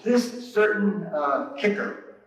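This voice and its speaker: Jokey storytelling preacher in an echoey room. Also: male voice, high voice, lively intonation, slow, crowd noise. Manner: jokey anecdotal storyteller, laughs at his own jokes, mock outrage. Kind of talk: storytelling sermon. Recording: echoey, from far off the mic.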